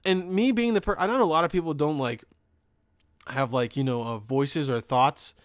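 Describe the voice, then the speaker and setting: A young man from Pennsylvania hosting a podcast, telling a funny story in a rambling, profane, animated way. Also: fairly high pitch, moderate pace, dry recording, clean studio sound. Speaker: podcast host. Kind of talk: comedic storytelling.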